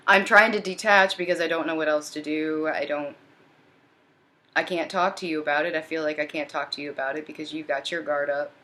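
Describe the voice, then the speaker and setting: A desperate, anxious man keeps pleading for help, as a woman channels him in a tarot reading. The voice stays low and sinks toward a near whisper, repetitive and worn down. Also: fairly even intonation, fairly quick, bright, forceful tone. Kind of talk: channeled first-person voicing in a reading.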